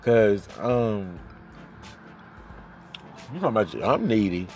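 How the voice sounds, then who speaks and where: A man venting in a heated, profane monologue, jumping loud and high then sinking low, recorded on a phone. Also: expressive, normal speed, long pauses, soft background music. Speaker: vlogger ranting to camera.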